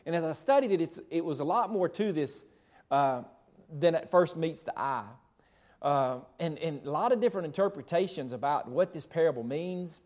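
Higher-voiced preacher with emphatic delivery. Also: male voice, a little mellow. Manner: emphatic, asks the congregation rhetorical questions; conversational, stops to correct himself. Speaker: pastor. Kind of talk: sermon with scripture reading.

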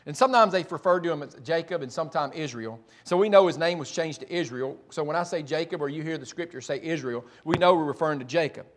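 Folksy preacher, high-pitched man, chatty sermon with restarts. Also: fast, few pauses. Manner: folksy, conversational storytelling with frequent restarts. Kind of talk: sermon, retelling scripture.

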